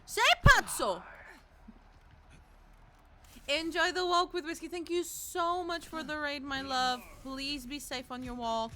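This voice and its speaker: A young woman streams a game, chatting playfully and giggling with viewers and slipping into Spanish now and then. Her voice is high with fairly even intonation, she talks at a normal speed with few pauses, and there's background noise.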